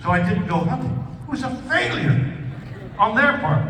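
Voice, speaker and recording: A man's voice: high voice, big pitch swings, normal speed, noisy background. A man on stage at a convention, telling a rambling, self-mocking anecdote with many restarts. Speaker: convention guest speaker. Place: large convention hall. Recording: echoey hall, mic picked up from a distance.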